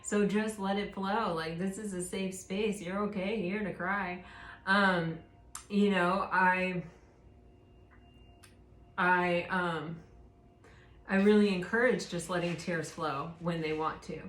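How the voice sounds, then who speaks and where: Casting note: woman, low-pitched, relaxed tarot reader with a meandering delivery, in an echoey room. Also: takes it slowly, long pauses. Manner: rambling, gentle, many fillers and restarts. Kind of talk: casual spoken tarot reading.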